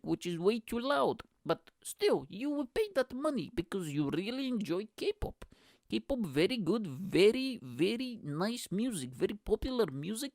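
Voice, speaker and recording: A man doing a smug, boastful spokesman in a thick, put-on Russian accent, pitched a little higher than his own voice. He speaks in a sly, mock-formal way, recorded dry and close. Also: no echo. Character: boastful male Korean spokesman, smug adult.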